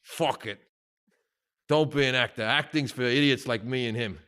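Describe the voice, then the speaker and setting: A man doing a comic impression of a gushing older male movie star, loud and insistent, partly shouted. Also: medium pitch, normal speed, clean tone, lightly acted. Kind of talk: comedic impression in a story.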